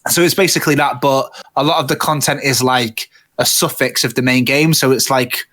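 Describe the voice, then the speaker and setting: A man chatting on a gaming podcast from home over an internet call. His talk is casual and rambling, with restarts and the odd curse, at a middle pitch. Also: steady tone, a little fast, pushed and bright. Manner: rambling, sweary, many restarts. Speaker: podcast co-host. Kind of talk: casual chat.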